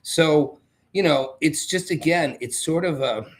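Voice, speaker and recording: A man's voice: fairly high pitch, a little slow. A man hosting a show, delivering a sarcastic political commentary monologue. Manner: sarcastic, mocking, with exaggerated put-on voices. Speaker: host.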